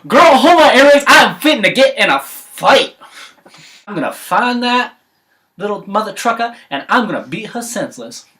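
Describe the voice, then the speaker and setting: A man voicing a sassy, scolding mother bear in a high, brassy voice. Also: big pitch swings, measured pace, a bit bright, full character voice. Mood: furious.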